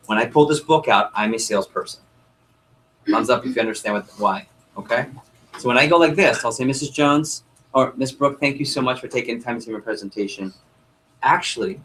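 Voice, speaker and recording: Casting: a man as an energetic sales trainer addressing a room, mid-pitched voice, slight background hiss. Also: rough recording. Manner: animated, role-plays customer lines, asks audience questions. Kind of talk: sales training talk to a group.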